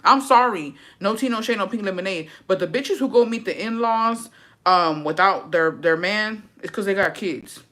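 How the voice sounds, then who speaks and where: A woman's voice: medium pitch, moderate pace, fairly bright tone. A woman vlogger telling a storytime in a brash, profane, sassy way and calling viewers her besties. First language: English. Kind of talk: casual storytime chat.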